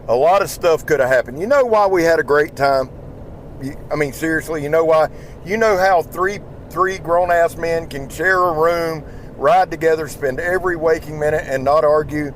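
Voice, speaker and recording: A man's voice: medium pitch, a little hiss or hum. A tired man with a Southern accent, chatting casually and rambling in a folksy, profane way while driving his pickup truck. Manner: rambling, folksy, swears freely. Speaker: YouTube knife channel host. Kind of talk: casual driving vlog chat. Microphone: small microphone in the truck.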